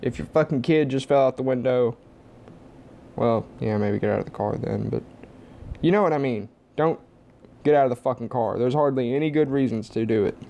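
A man's voice: medium pitch, a little fast, gravelly, mellow. A young man at home giving a blunt, heavily profane opinion monologue to camera. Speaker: vlogger.

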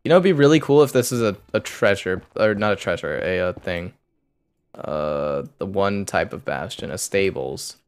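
A man's voice: sits low, lively intonation, normal speed, clear, resonant tone. A young man streaming a game, muttering a loose running commentary to himself as he plays. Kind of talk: live gameplay commentary.

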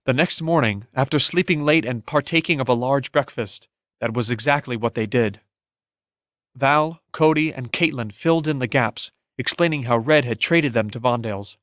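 A man narrating a fantasy audiobook in a measured, steady storytelling manner. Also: mid-range voice, no room sound, clean studio sound. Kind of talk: scripted narration.

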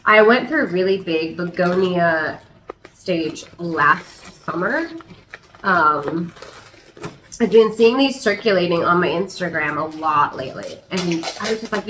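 A young woman chatting excitedly as she unboxes plants, hesitant, with restarts and little laughs. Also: on the low side, a little slow, a little hiss or hum, poor audio. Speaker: plant channel host. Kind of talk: casual unboxing chat.

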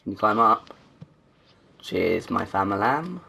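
Gamer, male, low gravelly slow drawl, swears a lot. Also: big pitch swings, bright, forceful tone. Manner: swearing, laughing, joking to himself. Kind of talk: let's play commentary.

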